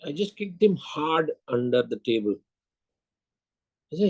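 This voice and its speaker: A man's voice: fairly high pitch, big pitch swings, moderate pace, long pauses, poor audio. An older man giving a sales lecture, telling anecdotes, acting out dialogue and quizzing his audience.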